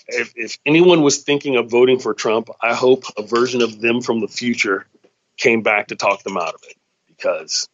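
A man's voice: medium pitch, fairly bright tone. A man hosting his own show, riffing in a loose, profane comedic monologue. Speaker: podcast host, comedian. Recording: slightly dull lo-fi sound.

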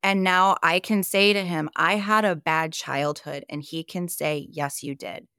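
A woman from Iowa talks as a podcast guest, recounting her story with candid emphasis. She swears freely as she speaks. Her voice sits low and the sound is dry and close. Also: measured pace, sharp tone, clear, resonant tone, no room sound. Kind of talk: personal storytelling in a conversation.

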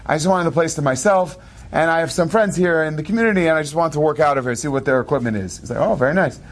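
A man telling an inspirational story in an animated, quick way, with asides and laughs. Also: a little high. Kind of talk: storytelling talk.

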